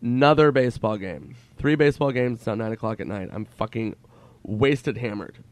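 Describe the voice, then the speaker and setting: A man in casual conversation, telling an animated anecdote as a comedian guest. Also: moderate pace. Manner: animated, acts out friends' voices in a high whiny tone. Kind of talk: casual storytelling chat.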